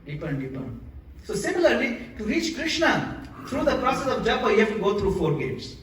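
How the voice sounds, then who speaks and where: A man's voice: high-pitched, big pitch swings, a little fast, fairly bright tone, distant mic, slight background noise. A man giving a sermon in a temple hall, asking the audience questions and demonstrating how to chant. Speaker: temple lecturer. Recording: echoey hall, recorded from afar.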